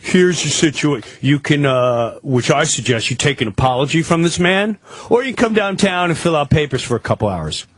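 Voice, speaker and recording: A man's voice: on the high side, expressive, fairly quick, hardly any pauses, no echo. A man doing a frazzled beach-town cop. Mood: curt.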